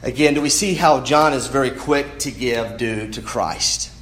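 A man's voice: medium pitch, moderate pace, fairly bright tone. A man preaching a sermon in an earnest way, often restarting words as he goes. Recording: roomy echo.

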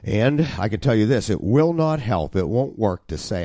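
A man's voice: lowish voice, sing-song, moderate pace, warm tone, no echo, clean studio sound. A man preaching an expository sermon, emphatic and wry, with sudden jumps in emphasis.

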